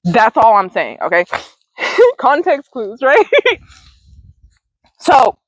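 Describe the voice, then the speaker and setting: Speaking slowly in a sing-song voice on the high side, a woman hosts a wellness show as a casual monologue to camera. She rambles and repeats herself, laughs a lot, and swears here and there in slangy, informal speech. It's a rough recording with no room sound.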